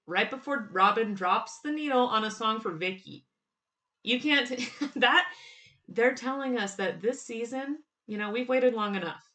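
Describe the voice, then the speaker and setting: A woman excitedly chats about a TV show as a fan, laughing a lot and quoting lines in rapid bursts. Her voice sits on the high side.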